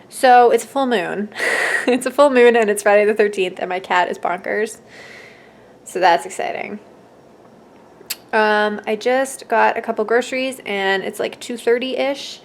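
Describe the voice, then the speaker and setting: A young woman chatting casually at home in a stitching vlog, talking with frequent fillers and small laughs. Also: mid-range voice. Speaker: stitching vlogger.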